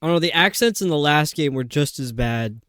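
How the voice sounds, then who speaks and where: Chatty streamer woman with a crisp, dry voice. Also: low voice, lively intonation, fairly quick, a bit bright, no echo. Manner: chatty, rambling, self-mocking. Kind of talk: casual livestream commentary.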